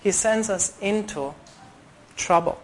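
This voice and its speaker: A man preaching a sermon, earnest, reading scripture aloud and slowing down to stress key words. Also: high-pitched. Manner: reads scripture aloud in old-style wording.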